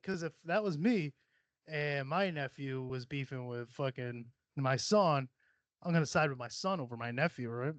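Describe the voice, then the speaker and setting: A man's voice: a little high, lively intonation, moderate pace, no echo, lo-fi sound. A young adult man hosting a casual solo podcast from a cluttered home room, blunt, profane and rambling as he jokes. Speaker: podcast host.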